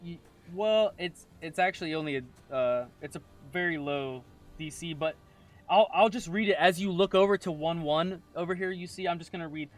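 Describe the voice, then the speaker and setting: A man narrating as game master, reading scene descriptions aloud with halting restarts. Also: on the high side.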